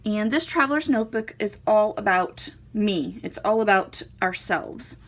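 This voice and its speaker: A woman in her thirties talks viewers through her handmade journal in a relaxed show-and-tell way. She sounds earnest and a little hesitant, often pausing on an um. Her voice sits at an ordinary middle pitch. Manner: earnest, hesitant, lots of ums. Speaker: crafting vlogger. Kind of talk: casual show-and-tell chat.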